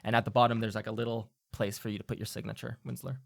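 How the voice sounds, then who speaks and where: A game master narrating a tabletop game, talking in a halting way with many fillers and theatrical flourishes. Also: mid-range voice, level tone, creaky, no echo.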